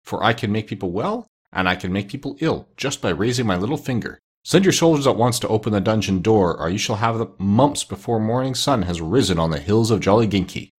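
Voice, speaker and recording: A man reading aloud and voicing a clever, bossy female parrot with a crisp, commanding manner. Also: on the low side, expressive, brisk, hardly any pauses. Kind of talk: storybook reading.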